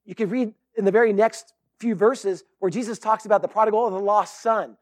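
Male pastor, high voice, earnest and conversational preaching, dry sound. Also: fairly even intonation, fairly quick, no echo. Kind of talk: sermon.

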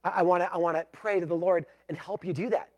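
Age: adult. Sex: man. Pitch: high. Style: sermon, emphatic with loud and hushed swings. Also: fairly even intonation, quick pace. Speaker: pastor.

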